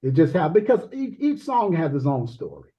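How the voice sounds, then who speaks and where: A man chatting as a guest musician on a podcast, relaxed and laid-back, often dropping "man" into his sentences. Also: fairly high pitch, brisk, highs cut off. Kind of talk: casual podcast chat.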